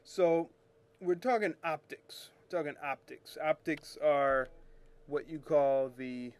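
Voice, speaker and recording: A man walks viewers through scanner settings in a loose, chatty tutorial. He talks slowly in a somewhat high voice, wanders off track and corrects himself, and throws in little jokes as he clicks around his screen. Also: clear, resonant tone. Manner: chatty, rambling, self-correcting, jokey. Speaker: photo retouching show host. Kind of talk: casual screen-share tutorial.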